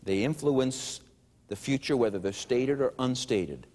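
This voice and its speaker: A man giving a teaching lecture, emphatic and slowing down to stress his key points. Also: mid-range voice, expressive, a little mellow. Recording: long hall reverb.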